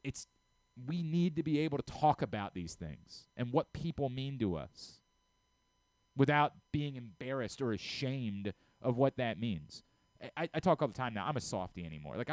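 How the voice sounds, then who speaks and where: A man's voice: medium pitch, big pitch swings, fairly quick, a little mellow, no room sound. Earnest middle-aged man, dry studio sound. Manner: earnest, openly emotional, frequent stammered restarts. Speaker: sports radio host. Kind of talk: sports talk radio monologue.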